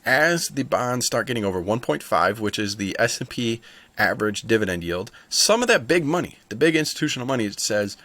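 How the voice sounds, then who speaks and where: A man's voice: mid-range voice, animated, a little fast, sharp tone. A man hosting a stock market video, chatting casually and thinking aloud with asides. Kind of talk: casual market commentary to camera.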